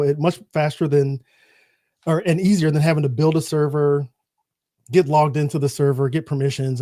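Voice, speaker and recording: A man's voice: fairly high pitch, dark tone, no room sound, clean studio sound. A man with a stuffy nose co-hosting a casual live-streamed tech book chat, playful and slangy, laughing easily. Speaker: co-host of a tech book podcast.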